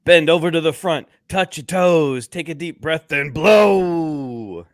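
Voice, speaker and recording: A man putting on a loud, shouty impression of a hype rapper for comic effect, delivering relaxation instructions. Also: slow. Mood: hyped. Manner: shouty, raised pitch.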